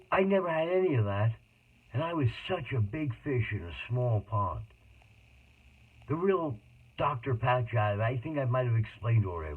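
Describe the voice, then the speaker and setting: This middle-aged man's voice is on the low side as he narrates his life story, rambling and hopping between tangents. The recording has a tinny, phone-like quality with slight background noise.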